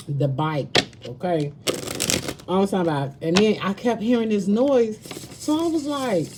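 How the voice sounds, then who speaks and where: A woman's voice: lowish voice, slow, pauses often, background noise. A woman tarot reader chatting casually with her viewers on a live stream, slangy and talkative, calling them baby and girl. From Southern United States.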